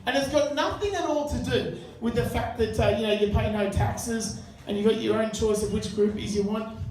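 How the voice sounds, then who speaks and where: Crude and chatty, this male comic trades banter with a pub crowd during his stand-up set, drawing laughter. His high voice is a little mellow and moves at a normal speed, captured from far off in an echoey room.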